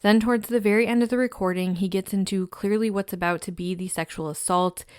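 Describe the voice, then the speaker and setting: A woman hosting a true crime podcast, narrating a case in a measured, somber way. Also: mid-range voice, fairly even intonation, a little mellow, clean tone, dry recording, studio quality.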